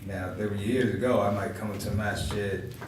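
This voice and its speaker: A man in his forties, a comedian on a panel, telling stories in an animated way and acting out the voices of people he quotes. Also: on the low side, a little fast. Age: 40s. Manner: animated storyteller who acts out quoted voices with laughter. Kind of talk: storytelling panel talk. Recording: echoey hall from far off with noise.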